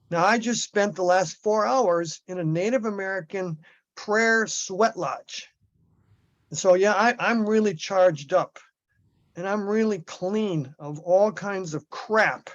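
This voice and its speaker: Emphatic high-voiced man on a call. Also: lo-fi sound. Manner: emphatic, repetitive restarts. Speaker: activist in a group discussion. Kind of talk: impassioned group discussion.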